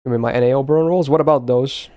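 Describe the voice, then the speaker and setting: A man's voice: mid-range voice, very fast, mellow, clean tone. A young man chatting casually on a live stream, blunt and swearing often as he talks to his chat.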